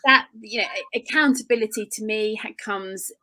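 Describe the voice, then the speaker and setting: A woman's voice: mid-range voice, moderate pace, sharp tone. A woman coach co-hosting a business podcast, talking casually and earnestly with strong emphasis.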